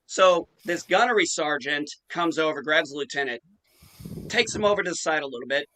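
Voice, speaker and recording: A man's voice: fairly high pitch, lively intonation, moderate pace, pushed and bright, poor audio. A man in his forties telling a profane story in casual chat, acting out the quotes. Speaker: podcast host.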